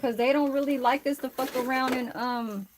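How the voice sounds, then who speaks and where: A woman's voice: sits high, fairly even intonation, moderate pace, slight background noise. A woman chatting casually on a cooking livestream, telling a rambling, profane story to her viewers while she cooks in a kitchen. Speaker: livestream cook.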